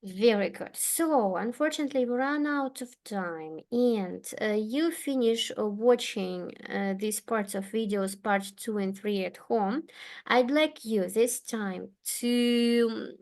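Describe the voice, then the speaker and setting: A woman teaching an English lesson, speaking patiently and clearly. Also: on the high side, darkish tone. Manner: patient, slow and clear, with frequent okays. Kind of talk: online one-to-one English lesson.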